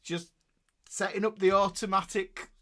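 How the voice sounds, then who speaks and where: Man, guitar teacher, live-stream chat, jokey, bright tone. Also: high voice, steady tone, moderate pace. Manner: chatty, jokey, lots of fillers while reading out names.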